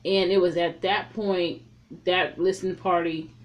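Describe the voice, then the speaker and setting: A woman with a fairly low voice gives a relaxed, chatty recap of a film. She rambles through the plot with plenty of profanity and side comments. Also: measured pace. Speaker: reviewer. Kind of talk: casual recap.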